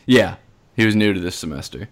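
Animated young man telling stories. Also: low-pitched, brisk. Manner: animated, laughing, mimics people in quotes. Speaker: podcast co-host. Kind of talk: casual storytelling chat.

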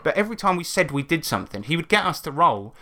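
A man's voice: a little high, fast talker. A man from England co-hosting a podcast, telling tabletop game stories in casual chat, swearing freely and slipping into quoted voices. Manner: swearing, animated storytelling with put-on quotes. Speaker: podcast co-host.

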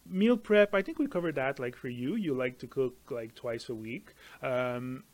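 A man's voice: mid-range voice, normal speed, a little mellow. A man chatting casually as co-host, hesitant and full of fillers. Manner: hesitant, many fillers and restarts. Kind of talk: casual chat.

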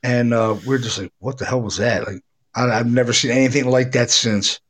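A man's voice: medium pitch, a little fast. A middle-aged man, a paranormal investigator, telling a ghost story in a casual, rambling way, swearing freely and acting out what people said. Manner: rambling, profane, animated retelling with acted quotes.

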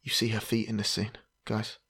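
A man casually recapping a movie with friends, animated and laughing often. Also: fairly low pitch, moderate pace, creaky, background noise. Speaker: podcast co-host.

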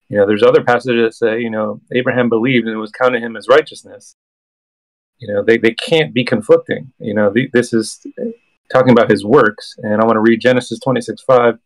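A man co-hosting a scripture discussion podcast, talking in a relaxed way with many ums and reading passages aloud. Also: mid-range voice, a little fast, rough recording. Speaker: podcast co-host. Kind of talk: casual scripture discussion with read-aloud verses.

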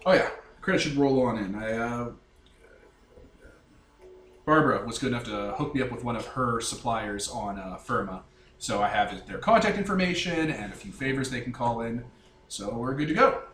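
A businesslike starship captain, as a game master puts him on, lays out the plan to his crew in a plain, brisk voice. The sound is roomy and a touch far from the mic, with faint hiss. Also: medium pitch, a bit bright, lightly acted. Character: brisk male ship captain, businesslike leader.

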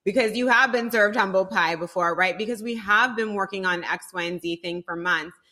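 Bright-voiced woman business mentor. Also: mid-range voice, a little fast. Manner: emphatic, swears freely. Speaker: podcast guest, business mentor. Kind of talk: casual chat.

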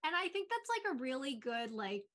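A young woman co-hosting a podcast, chatting casually and retelling a TV episode in a quick, chatty way full of "like"s. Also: high-pitched, very animated, fairly bright tone. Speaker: podcast co-host. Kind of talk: casual chat recapping a TV episode.

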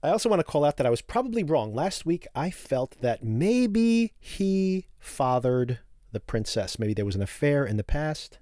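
A man's voice: mid-range voice, warm tone. A man hosts a podcast and talks through a TV episode in a casual, opinionated way, chuckling as he goes. His voice sits in the middle range. The recording is dry and close, with no room echo. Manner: chatty, opinionated, chuckles often. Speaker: podcast host.

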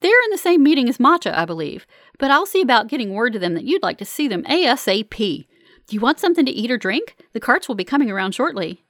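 A woman narrator putting on a bubbly young hospital technician, bright and sing-song, her voice jumping high with forced cheer. Dry, close recording. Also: big pitch swings, fast, dry recording. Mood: chirpy.

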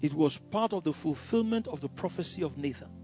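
A male pastor preaching an emphatic, animated sermon, laughing often. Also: on the high side, fairly quick, highs cut off, faint music behind.

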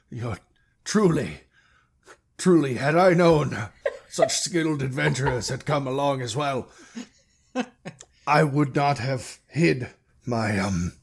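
A man's voice: mid-range voice, creaky, slightly rough, heavily acted. A man voicing a pompous, overly courteous male town mayor in a tabletop game. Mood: ingratiating. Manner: formal, ingratiating.

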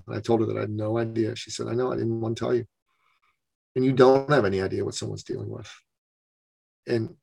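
Gravelly-voiced man telling a story. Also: lowish voice, darkish tone, poor audio. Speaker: podcast guest, business coach. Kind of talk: storytelling in an interview.

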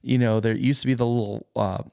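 A man's voice: medium pitch, steady tone, fast talker, gravelly, mellow, dry recording. Rambling casual man with a dry sound. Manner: rambling, lots of filler words. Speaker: podcast co-host. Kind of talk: casual chat.

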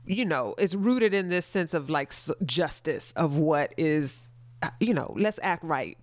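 A woman's voice: low voice, expressive, measured pace, no echo. A woman co-hosting a casual chat, often chiming in with agreement. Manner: affirming, chiming in.

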